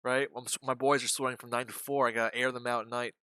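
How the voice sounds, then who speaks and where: Man, trading stream host, bright forceful voice, dry close mic, jokey rambling talk with swearing. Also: medium pitch, flat delivery, quick pace, clean tone, no echo. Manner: joking, rambling, swears freely. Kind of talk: live trading stream commentary. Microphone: desk microphone.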